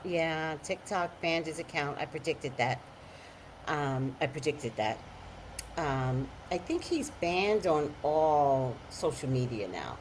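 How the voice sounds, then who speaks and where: Lively, blunt woman psychic streaming. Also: lowish voice, slight background noise, low-quality recording. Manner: animated, blunt, greets commenters by name. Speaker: psychic hosting a live stream. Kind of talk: casual live-stream chat with viewers.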